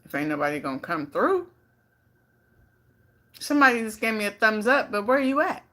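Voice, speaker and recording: A woman's voice: mid-range voice, sing-song, moderate pace, pushed and bright. A woman from California chatting casually on a live stream, playful and talkative, reading out viewer comments. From California, Bay Area. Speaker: vlogger on a livestream.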